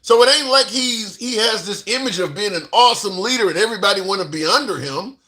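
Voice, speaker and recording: A man argues politics in a combative, emphatic way, using casual slang. His voice is high and very bright. He presses every point hard. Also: animated, fast. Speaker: podcast co-host. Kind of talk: heated political debate.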